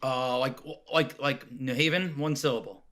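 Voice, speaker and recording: A man's voice: mid-range voice, steady tone, moderate pace, a bit bright. A middle-aged man chatting casually as a podcast guest, rambling with frequent restarts and fillers. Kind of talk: casual interview chat. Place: Oregon home.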